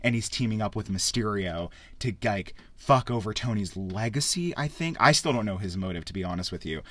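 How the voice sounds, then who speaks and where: Male host, lowish pitch, excitable and foul-mouthed, casual review delivery, dry close sound. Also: fairly quick, no room sound. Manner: rambling, profane, excitable. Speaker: podcast host reviewing a film. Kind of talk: casual spoken film review.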